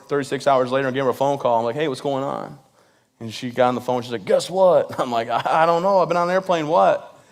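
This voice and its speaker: A man from Michigan, a veteran, telling a comic story on stage in a joking, self-deprecating way while speaking straight to the audience. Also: medium pitch. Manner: addresses the audience directly. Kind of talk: stand-up comedy storytelling.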